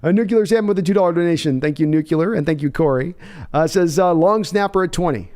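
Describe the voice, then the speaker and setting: A man's voice: on the high side, fast, darkish tone. A young man hosting a live reaction stream, reading out viewer donations in a rambling, self-deprecating way with frequent laughs. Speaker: livestream host.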